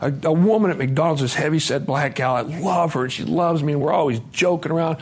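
A man's voice: on the high side, a little fast, husky. A man, sharing a raw, profane, confessional recovery story at a conference. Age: 40s. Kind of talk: emotional personal testimony. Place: conference room.

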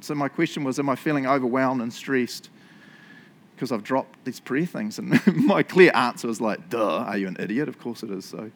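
A middle-aged man giving a relaxed sermon. He talks to his congregation like friends, confessional and self-deprecating, and laughs easily. His voice sits at an ordinary middle pitch. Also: creaky. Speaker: pastor. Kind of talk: casual conversational sermon.

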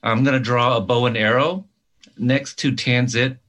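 Brief: man as a casting director, mid-pitched, rambling and stammering. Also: steady tone, moderate pace, fairly bright tone. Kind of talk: comedic sketch, audition scene.

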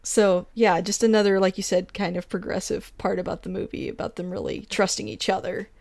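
Chatty woman, casual film discussion, laughs often, acts out quoted lines, middling pitch, dry close sound. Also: fairly even intonation, brisk, vocal fry, a little mellow, no room sound.

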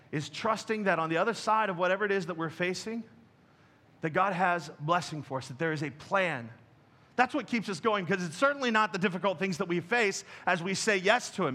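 A pastor with a high-pitched, bright, forceful voice preaches a sermon in church, speaking to his congregation directly in a conversational style.

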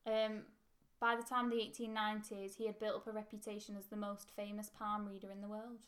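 A woman's voice: medium pitch, level tone, fairly quick, a bit bright. A young woman hosting a casual history podcast, chatty, laughing easily and poking fun at herself. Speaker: podcast host.

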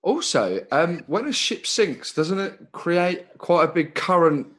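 Co-host: man, slow and lively, bright tone, jokey musing. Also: a little high. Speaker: podcast co-host. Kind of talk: casual chat.

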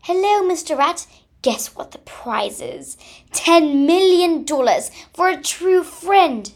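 A woman's voice: high voice, slow, gravelly, pitched above the performer's own voice, heavily acted. A woman voicing a cheerful, trusting male squirrel in a storybook reading, talking in eager bursts. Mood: excited. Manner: excited, eager, loud.

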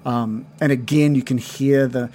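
A man narrating as game master of a tabletop game, describing scenes with many fillers and pauses. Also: medium pitch, steady tone, mellow, a little hiss or hum.

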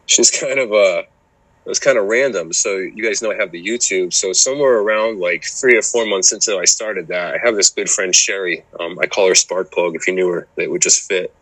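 Deep husky-voiced man, casual rambling. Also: fairly quick, fairly bright tone, dry recording, low-quality recording. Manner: rambling, full of "you know" and restarts. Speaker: podcast guest. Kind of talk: casual chat.

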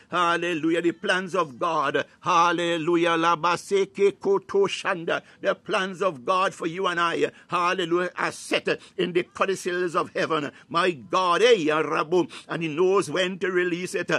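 A man's voice: sits high, bright, forceful tone, no echo. A man preaching a fervent morning prayer and exhortation, quoting scripture and breaking into tongues between phrases, with many "uh"s and "hallelujah"s. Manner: fills pauses with "uh" and "hallelujah"; quotes scripture in King James wording.

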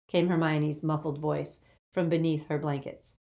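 Woman reading a storybook aloud, lowish voice. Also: little pitch movement, moderate pace, gravelly, mellow. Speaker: audiobook reader.

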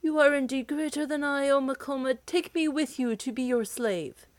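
A woman's voice: sits high, moderate pace, no room sound, pitched above the performer's own voice, natural voice. A woman voicing a defeated male giant humbly begging to serve. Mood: pleading. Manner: pleading.

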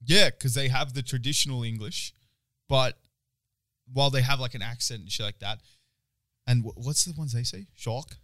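A man's voice: medium pitch, normal speed, pauses often, fairly bright tone, dry recording. Crude, joking young Australian man. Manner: crude, joking, laughs often, swears a lot. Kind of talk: casual podcast banter.

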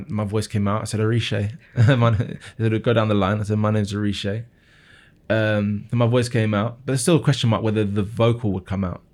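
Earnest low-voiced man telling his story. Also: a little mellow. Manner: earnest, with frequent restarts and repeated words. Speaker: guest musician. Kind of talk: storytelling interview answers.

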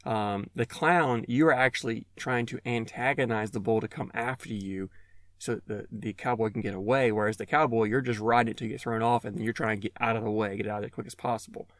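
A man's voice: lowish voice, steady tone, quick pace, no room sound. Casting: male host, casual chat, rambling delivery, dry close sound. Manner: rambling, many restarts and fillers. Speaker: podcast host asking questions.

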